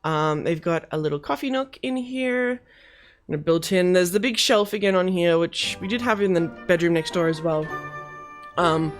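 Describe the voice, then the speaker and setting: Lively low-voiced chatty woman. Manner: chatty, giggly, self-correcting. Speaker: video game creator showing a house build. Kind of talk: casual gameplay commentary.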